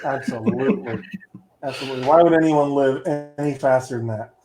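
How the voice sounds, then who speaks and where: A man hosting a podcast in casual chat, upbeat and quick to laugh. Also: mid-range voice, crowd noise. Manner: laughs often, lively and upbeat. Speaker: podcast host. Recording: roomy echo.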